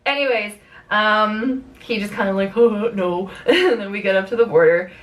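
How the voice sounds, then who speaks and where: A young Canadian woman telling a road-trip story in a casual vlog, animated, swearing freely and acting out what people said. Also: normal speed, far from the mic, lo-fi sound. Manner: animated, swearing, acts out quotes with big pitch jumps. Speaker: vlogger.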